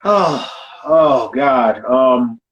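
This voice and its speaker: A man co-hosting a casual film podcast, talking in an animated, profane way and repeating himself as he riffs. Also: mid-range voice, drawn-out words, dull audio. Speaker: podcast co-host.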